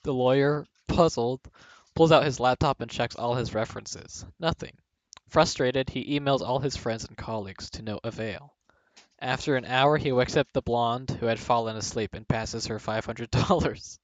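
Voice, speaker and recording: His voice is mid-range and moderately paced as this young man reads jokes aloud for a video, breaking into laughter in the middle of lines. The audio is a dry, dull home recording.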